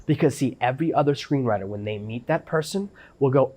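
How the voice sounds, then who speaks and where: A man's voice: medium pitch, fairly quick, hardly any pauses, a little mellow. A middle-aged man hosting a podcast, giving an instructional monologue with emphatic, repeated phrases. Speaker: podcast host.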